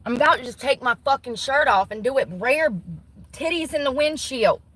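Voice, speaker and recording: A woman's voice: sits high, animated, moderate pace, a bit bright, poor audio. A woman vlogging from inside a car, ranting bluntly with lots of swearing. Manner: profane, blunt, exasperated ranting. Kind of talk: casual ranting vlog.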